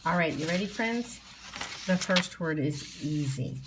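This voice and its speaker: A woman's voice: fairly low pitch, expressive, unhurried, noisy background. A middle-aged woman teacher leading a phonics spelling lesson for young children at home, patiently sounding out letters and words.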